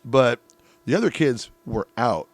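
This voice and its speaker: Animated middle-aged man telling a crude story. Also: medium pitch, unhurried, no echo, soft background music. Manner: animated, swears freely. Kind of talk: casual storytelling.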